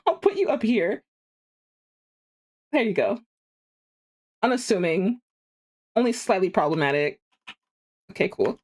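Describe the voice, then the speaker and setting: A woman's voice: mid-range voice, big pitch swings, unhurried, pauses often, a little mellow, breathy edge. A young woman streaming a game, chatting casually and animatedly, laughing often and talking to herself. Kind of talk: casual live-stream chat.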